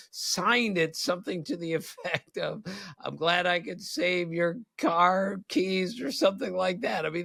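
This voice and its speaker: A man in his sixties with a somewhat high, gravelly voice, telling long anecdotes as a podcast co-host. He rambles along with frequent chuckles. The sound is close and dry. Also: pushed and bright, no echo. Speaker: co-host, former baseball writer. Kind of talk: casual storytelling chat.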